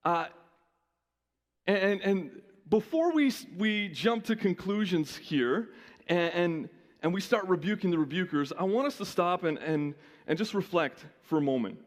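A male pastor giving a lively, conversational sermon, often restarting his sentences. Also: high voice, a little slow, long reverb tail.

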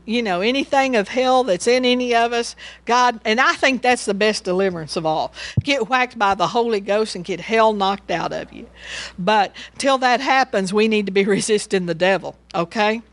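A woman's voice: medium pitch, moderate pace, no echo. A woman giving a casual Bible teaching, rambling and chatty, and she laughs as she tells stories.

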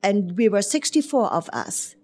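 A woman from Germany, a hairdresser who tells her story as an interview guest, animated and quick to laugh. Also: mid-range voice. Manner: lively storyteller who acts out voices and laughs often. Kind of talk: storytelling in a talk show interview.

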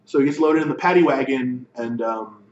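A man co-hosting a podcast, recapping a show in casual chat and acting out characters' lines in quick asides. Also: mid-range voice, darkish tone. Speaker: podcast co-host. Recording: echoey, distant, dull lo-fi room mic with faint noise.

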